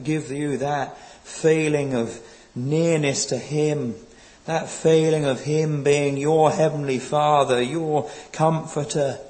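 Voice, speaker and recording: A man preaching a sermon in a slow, earnest, pleading way, quoting old scripture. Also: a little high, darkish tone, poor audio.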